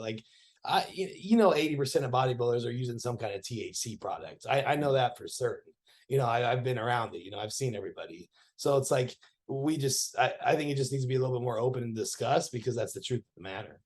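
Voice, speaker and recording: A man's voice: mid-range voice, darkish tone. A man with an American accent, a podcast guest talking frankly and loosely, with many fillers. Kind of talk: casual chat.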